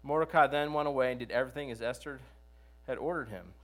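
A man's voice: mid-range voice, quick pace. A man preaching a sermon who retells the story conversationally and often asks rhetorical questions.

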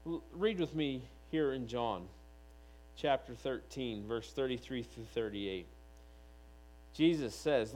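A man preaching a sermon, reading scripture aloud and voicing the figures of the text with animated delivery. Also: mid-range voice, a little slow, rough recording. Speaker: pastor.

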